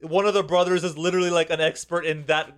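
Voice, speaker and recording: Casting: man with a high, bright voice, podcast co-host, enthusiastic rambling chat full of fillers and casual swearing. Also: flat delivery, quick pace, smooth.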